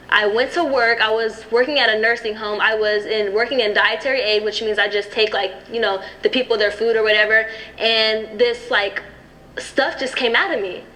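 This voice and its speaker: Young woman telling her story on camera, bright slightly high voice, keeps saying you know what im saying. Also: rough recording. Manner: recounting events, filler "you know what I'm saying". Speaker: documentary interviewee. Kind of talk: personal storytelling interview.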